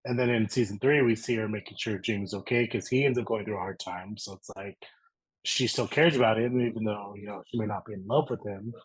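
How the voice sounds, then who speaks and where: A man chatting as a guest on a podcast, relaxed and full of fillers like "like" and "you know". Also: lowish voice, brisk, breathy edge, no room sound, poor audio. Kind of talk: casual chat.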